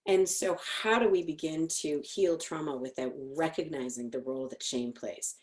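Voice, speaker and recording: Animated woman psychologist telling stories. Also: low voice, moderate pace. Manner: animated storytelling, acting out quotes. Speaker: clinical psychologist presenting. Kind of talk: educational talk.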